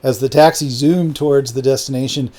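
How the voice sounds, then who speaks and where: A man narrating an audiobook novel in a steady, matter-of-fact way. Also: medium pitch, a little fast. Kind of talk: scripted narration.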